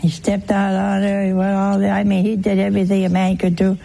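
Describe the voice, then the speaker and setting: A woman's voice: medium pitch, monotone, a little fast, vocal fry, mellow. A woman giving an informal sermon, teasing her listeners with rhetorical questions and humorous anecdotes. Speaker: religious teacher.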